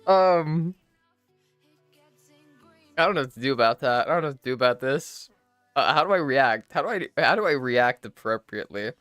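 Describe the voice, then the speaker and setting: A woman livestreaming, chatting casually with her viewers and answering their messages in a relaxed, shy, giggly way with plenty of swearing. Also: rumbling low, moderate pace, long pauses, no echo, soft background music. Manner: reads and answers chat messages. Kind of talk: casual chat with stream viewers.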